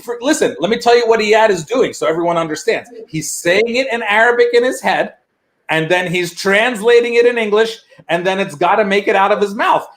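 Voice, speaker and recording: A man performing a stand-up comedy set online, telling animated stories and mimicking his immigrant father. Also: sits high, brisk. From United States. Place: virtual event, video call.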